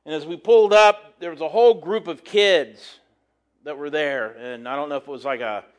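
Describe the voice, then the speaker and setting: A middle-aged man, a pastor, telling a rambling story from the pulpit with many fillers and restarts. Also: on the high side. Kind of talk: casual sermon storytelling.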